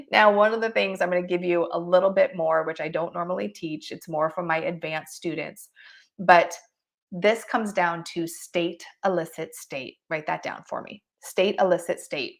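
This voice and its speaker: A woman teaching an online marketing coaching session, talking expressively and with emphasis, often laughing between points. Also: lowish voice. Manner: expressive, emphatic, acts out examples.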